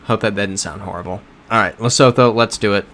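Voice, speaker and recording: Low-voiced man chatting on a livestream. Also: brisk, a bit bright, slight background noise. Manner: rambling, self-correcting, chatty with chat. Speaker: livestream host playing a geography game. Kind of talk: casual livestream chat. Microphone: desk microphone.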